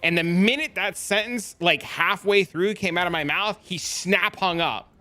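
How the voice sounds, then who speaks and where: A man's voice: sits high, moderate pace, bright, forceful tone, soft background music. A man streaming live, chatting loosely with viewers and rambling through an anecdote. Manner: rambling storyteller, chats with viewers. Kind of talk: casual live-stream chat.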